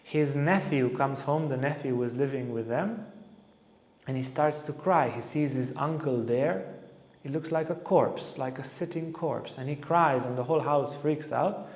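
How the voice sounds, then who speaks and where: A spiritual teacher with a medium-pitched, unhurried voice tells a story in an echoey hall, animatedly acting out the lines of the people in it.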